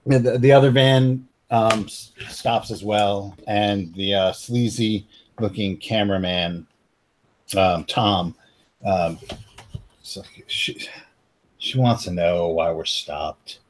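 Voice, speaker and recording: A man narrating as game master of a tabletop game, halting and stammering with fillers. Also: fairly low pitch, steady tone, a little hiss or hum.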